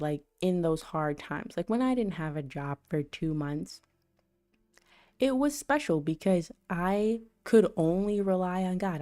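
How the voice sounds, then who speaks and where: Low, mellow-voiced woman chatting casually. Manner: rambling and conversational, full of "you know" and "like"; laughs at her own stories. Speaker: channel host. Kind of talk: casual faith reflection on a livestream.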